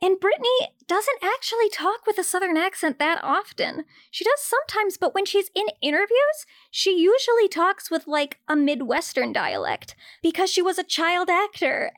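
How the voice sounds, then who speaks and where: A young woman with a high, bright voice delivers a casual film commentary, blunt and openly sarcastic and ready with a curse word. The sound is close and dry, with no room around her. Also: dry recording.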